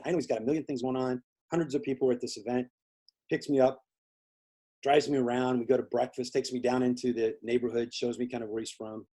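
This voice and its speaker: Guy telling a long rambly story in an interview, mellow and a bit husky, lots of uhs. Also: mid-range voice. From Indiana. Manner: rambling anecdotes with many fillers and quoted dialogue. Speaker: interview guest. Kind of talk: conversational storytelling.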